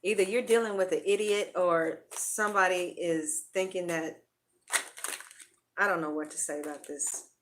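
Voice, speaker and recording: A woman's voice: on the low side, steady tone, moderate pace, slight background noise. A woman giving a casual tarot reading in a blunt, profane way of talking. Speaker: tarot reader.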